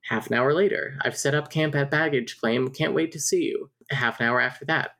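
A woman's voice: extremely low pitch, fairly quick, hardly any pauses, fairly bright tone. Casual woman recapping a novel. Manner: reads out text messages and passages, laughs often. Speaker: podcast co-host recapping a novel. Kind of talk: casual book recap chat.

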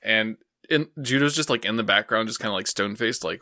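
Bright-voiced man on a dry mic. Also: on the low side, brisk, no echo. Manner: laughs often, amused, swears casually. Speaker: podcast co-host. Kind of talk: casual chat recapping an anime episode.

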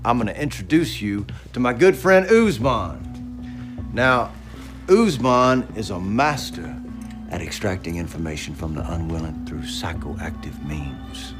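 An impatient, menacing film interrogator. His voice is very deep and moves widely in pitch. Soft music sits under it. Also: animated, unhurried.

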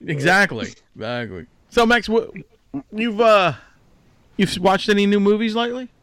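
A man hosting a podcast, easygoing in casual chat and quick to laugh. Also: high voice, lively intonation, fairly bright tone, clean tone, no echo. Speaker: podcast host.

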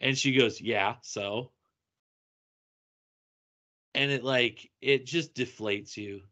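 A man co-hosting a casual podcast chat, playful and quick to laugh. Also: medium pitch, sharp tone. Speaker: podcast co-host.

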